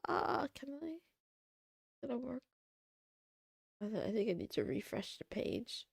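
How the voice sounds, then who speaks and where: Slow, gravelly-voiced woman streamer. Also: on the high side, no room sound, studio quality. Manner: rambling and excitable, meowing between remarks. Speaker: livestreamer. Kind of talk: casual chat to a live audience.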